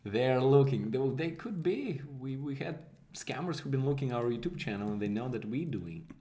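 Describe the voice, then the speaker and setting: A man's voice: medium pitch, animated, moderate pace, mellow. Brief: playful male co-host, bouncy, laughing. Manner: giggly, playful, non-native phrasing. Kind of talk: live stream banter and prank calls.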